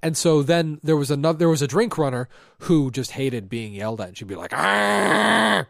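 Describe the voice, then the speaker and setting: A man co-hosting a casual podcast, chatting in a dry, deadpan joking manner. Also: medium pitch, quick pace, no echo. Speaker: podcast co-host. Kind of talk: casual chat. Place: lives in Michigan.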